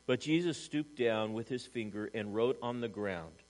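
Male pastor, mid-pitched, dynamic sermon delivery, rhetorical questions, big shifts in volume. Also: moderate pace, rough recording. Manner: dynamic, swings from loud emphasis to hushed, rhetorical questions. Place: church service.

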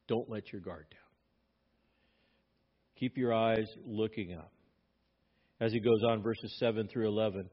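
On a dull, lo-fi recording, a pastor delivers a sermon in a lowish, steady voice, measured and pausing often. He reads scripture aloud and drives his points home emphatically, his volume rising to stress them.

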